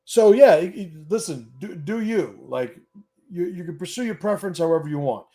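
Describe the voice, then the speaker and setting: A man's voice: sits high, expressive, normal speed, dark tone. A middle-aged man hosting a livestream Q&A, talking bluntly and emphatically, often swearing and restarting his sentences. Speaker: host. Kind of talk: livestream Q&A monologue.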